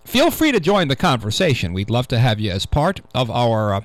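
A man's voice: mid-range voice, wildly swooping pitch, brisk, no room sound, rough recording. Rambling male tech radio host. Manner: rambling with frequent uh fillers. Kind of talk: casual tech radio talk. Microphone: studio microphone.

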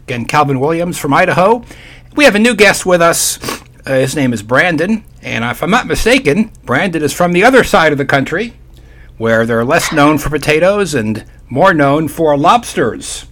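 A man's voice: a little high, sing-song, moderate pace, fairly bright tone. An older man hosting a casual radio talk show, folksy and chatty with playful asides.

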